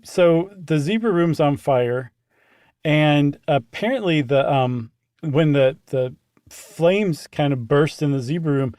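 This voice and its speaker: A man with a fairly high voice tells the story in an animated, chatty way, stopping often for "um" and "like". The sound is dry and close to the mic, with no room echo. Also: slow. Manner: animated, hesitant with fillers, retells events from notes. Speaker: podcast co-host. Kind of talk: casual conversational storytelling.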